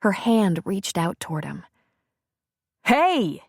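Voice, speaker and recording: The scripted audiobook narration comes from a woman whose voice sits on the low side, telling the story in a steady, measured way. The sound is clean studio audio with no room sound.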